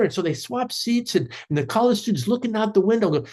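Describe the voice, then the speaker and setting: A middle-aged man giving a spiritual teaching talk as a theology professor, telling stories in an earnest, halting way with many restarts. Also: high voice, expressive, darkish tone.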